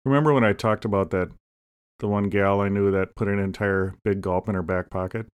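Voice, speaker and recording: A man co-hosting a casual comedy podcast, rambling through deadpan jokes and asides. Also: fairly low pitch, fairly quick, smooth. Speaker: podcast co-host.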